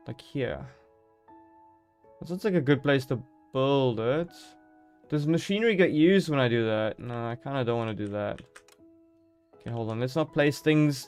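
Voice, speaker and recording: A man's voice: medium pitch, darkish tone. A man streaming a game live, chatting casually and joking as he thinks aloud.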